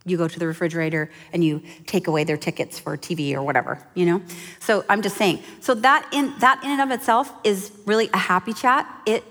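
Woman giving a quick emphatic church talk, chatty, big hall reverb. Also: on the low side, fairly bright tone. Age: adult mother. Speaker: speaker at a women's church gathering. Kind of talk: sermon-style talk.

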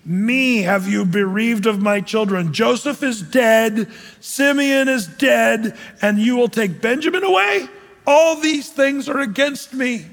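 A man's voice: very high voice, fairly even intonation, unhurried, vocal fry, pitched above the performer's own voice, heavily acted. A man voicing a grieving, self-pitying old patriarch, drawn out like a lament. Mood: mournful. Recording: long hall reverb.

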